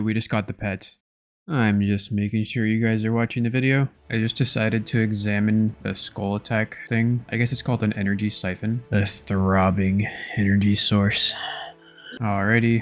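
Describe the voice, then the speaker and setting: A young man giving laid-back, chatty commentary over his own gameplay, swearing casually now and then. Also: on the low side. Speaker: gaming video creator.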